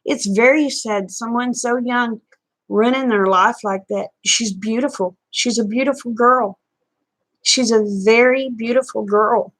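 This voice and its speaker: A woman's voice: fairly high pitch, steady tone, a little slow. Lady on a webcam live stream, chatty and folksy, calls out viewers by name. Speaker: vlogger. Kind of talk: casual live-stream chat.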